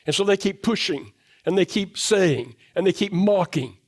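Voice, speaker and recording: A middle-aged man preaching a sermon in a church, asking the congregation question after question, his voice dropping low and soft to drive points home. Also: animated, moderate pace. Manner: emphatic, asks the congregation rhetorical questions. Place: church sanctuary.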